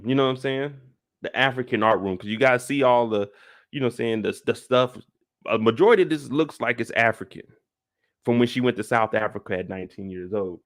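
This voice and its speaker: A man hosting a live stream, giving casual, jokey commentary on a TV episode and getting animated and high-pitched when excited.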